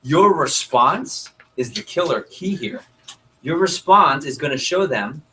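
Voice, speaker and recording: Casting: a man as an energetic sales trainer addressing a room, mid-pitched voice, slight background hiss. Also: normal speed, poor audio. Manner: animated, role-plays customer lines, asks audience questions. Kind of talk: sales training talk to a group.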